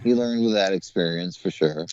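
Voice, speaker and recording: A man telling a story as a guest in casual chat, relaxed and hedging, with many fillers and disclaimers. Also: low-pitched, normal speed, clear, resonant tone, no echo. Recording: dull, dry, lo-fi sound.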